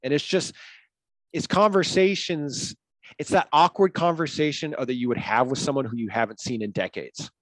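A man's voice: fairly high pitch, normal speed, no room sound. A man in casual film discussion, retelling scenes with lots of fillers and acting out the lines.

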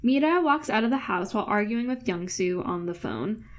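A woman's voice: medium pitch, expressive, normal speed. A woman co-hosting a podcast, chatting and laughing as she recaps a TV show. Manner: giggly, chatty, quotes characters. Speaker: podcast co-host. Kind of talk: casual chat recapping a TV show.

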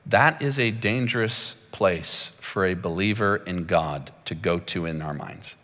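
A man preaching a sermon in a large church hall, with a dramatic, slow and emphatic delivery that climbs high when he gets excited. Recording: long hall reverb.

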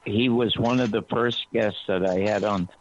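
A man's voice: normal speed, slight background noise. Guy on talk radio telling a story all worked up, voice goes way up, thin phone-line sound. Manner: excitable, voice climbing high when quoting himself. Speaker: radio talk show guest. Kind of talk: animated anecdote telling.

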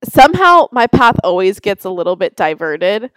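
A woman's voice: mid-range voice, sing-song, normal speed, clear, resonant tone, dry recording, low-quality recording. A young woman hosting a podcast in casual chat, full of "like" fillers. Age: young adult. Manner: chatty, lots of "like" fillers. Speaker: podcast host.

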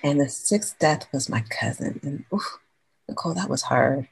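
A woman's voice: deep voice, lively intonation, normal speed, gravelly, husky, poor audio. A woman from California telling her own story as a guest in a casual, chatty, slangy way. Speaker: podcast guest.

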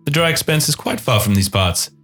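A man's voice: medium pitch, expressive, brisk, a bit bright, soft background music, voice pushed up, natural voice. A man voicing a vain, flamboyant elven pirate captain who talks theatrically. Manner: theatrical, grandly welcoming.

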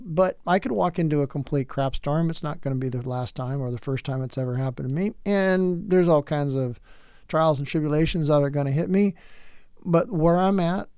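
A podcast host in his late fifties gives a candid lecture, blunt and earnest, stumbling over words and restarting phrases. His voice is a little high for a man, a little mellow and clean, at a moderate pace. The recording is dry and close, with no room sound.

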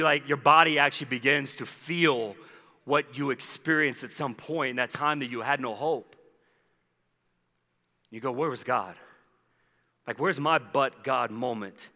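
Male pastor, bright and forceful, animated conversational preaching, echoey hall. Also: mid-range voice, measured pace, long pauses. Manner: animated storytelling with conversational asides. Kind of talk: sermon.

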